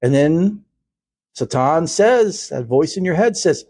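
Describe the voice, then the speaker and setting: A man's voice: on the high side, lively intonation, slow, darkish tone, breathy edge, no echo, studio quality. A man hosting a spiritual podcast, talking in an earnest, preaching way with repeated phrases. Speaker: podcast host.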